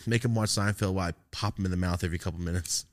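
Talking very fast in a low voice over a little hiss or hum, this young podcast host from California tells stories in casual conversation. He's animated, laughs often and swears nonstop.

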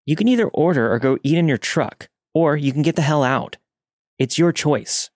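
A man's voice: medium pitch, expressive, unhurried, no room sound, studio quality. A man voicing a young waitress who speaks with a polite customer-service tone that turns firm. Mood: stern.

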